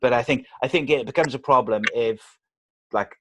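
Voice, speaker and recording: A man's voice: mid-range voice, normal speed, noisy background. A man hosting a podcast, asking easygoing questions in casual chat. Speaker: podcast host.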